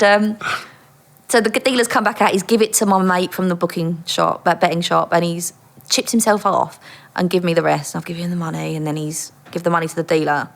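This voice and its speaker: A woman who is a former undercover police officer, telling animated anecdotes as a guest and acting out the people she quotes. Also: fairly low pitch, vocal fry. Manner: lively, acts out quoted voices, laughs often.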